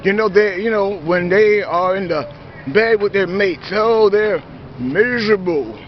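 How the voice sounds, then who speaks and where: A man's voice: high-pitched, steady tone, measured pace, a little hiss or hum. A man giving a confrontational, preachy monologue to his viewers, full of "you know" and "see". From New York. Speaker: self-styled preacher. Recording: dull lo-fi recording.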